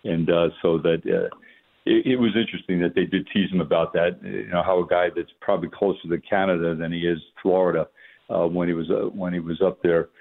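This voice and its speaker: Older man, deep voice on a phone line. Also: fairly even intonation, creaky. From New York metropolitan area. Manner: halting, many fillers and restarts. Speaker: former NFL coach, radio guest. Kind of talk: casual radio interview.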